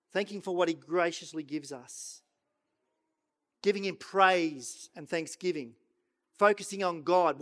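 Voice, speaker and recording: A middle-aged pastor preaches in a fairly high voice for a man. He pushes hard on his points, then drops to a near-whisper for prayers and scripture. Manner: swings between loud urging and hushed, slow prayerful quoting. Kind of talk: sermon.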